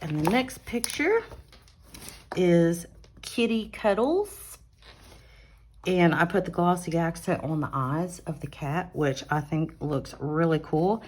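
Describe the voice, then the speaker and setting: Slow, low-voiced woman showing her coloring. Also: husky. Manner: chatty and relaxed, with fillers and self-corrections. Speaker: adult coloring channel host. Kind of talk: casual show-and-tell of colored pages. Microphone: phone on an arm mount.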